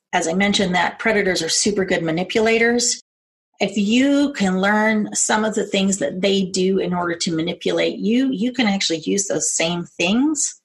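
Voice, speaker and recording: A middle-aged woman giving a calm, earnest instructional talk on personal safety. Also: mid-range voice, gravelly. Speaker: self-defense instructor.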